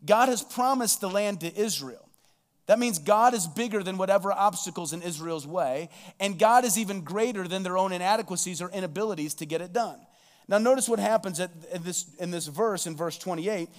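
High-voiced man preaching a sermon. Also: brisk, long reverb tail. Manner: preaching with rhetorical questions, quoting scripture. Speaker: pastor.

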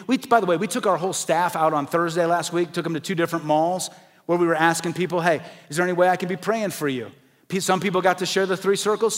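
A middle-aged pastor with a fairly high pitch preaches a sermon, animatedly telling a story and acting out the voices of its characters. Long hall reverb fills the recording.

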